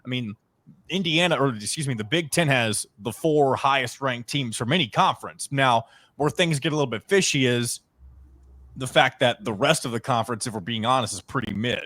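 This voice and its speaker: Male host, dry close sound, measured analysis of football rankings. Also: medium pitch, fairly bright tone, dry recording. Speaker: sports show host. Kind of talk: casual sports talk show.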